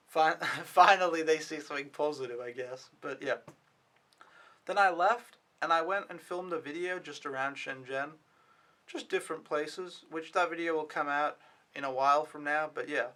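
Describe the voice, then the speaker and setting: Young man, casual vlog chat, rambling, swears at times, slightly high, bright tone. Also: moderate pace. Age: young adult. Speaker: au pair vlogger.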